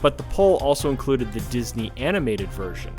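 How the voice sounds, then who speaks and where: A man's voice: medium pitch, sing-song, darkish tone, soft background music. Wry male podcast co-host recapping. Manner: wry, measured, slows for dramatic recaps. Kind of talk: casual chat and scripted recap.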